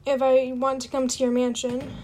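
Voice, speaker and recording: A woman's voice: sits high, completely flat delivery, normal speed, a little mellow, natural voice. A woman reading a storybook aloud and voicing a blunt, suspicious teenage boy. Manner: blunt, slightly sarcastic.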